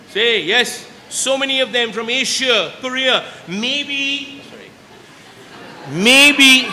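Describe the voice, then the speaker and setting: Delivering a motivational talk to students as the chief guest, this man has a very high, bright, forceful voice and speaks slowly with long pauses, frequently putting questions to the audience. The echoey school auditorium carries faint ambience and a bit of background noise.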